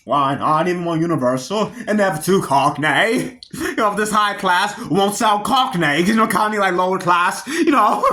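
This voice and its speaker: A giggly man rambles through a film review in a high, bouncy voice that swoops up and down. He laughs between phrases and darts from one tangent to the next. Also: a little slow. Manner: excitable, jumps between tangents. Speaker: movie reviewer.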